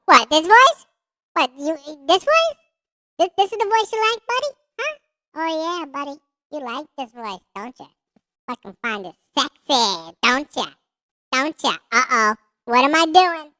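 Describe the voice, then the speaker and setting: A squeaky, very high baby-talk voice that coos and teases in a crude way, as a man puts it on. It sounds piercingly bright, and the sound is close and dry. It is livestream banter with no room around it. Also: very animated, a little slow, no echo, heavily acted. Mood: teasing. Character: cooing, teasing baby-talk voice of a grown man.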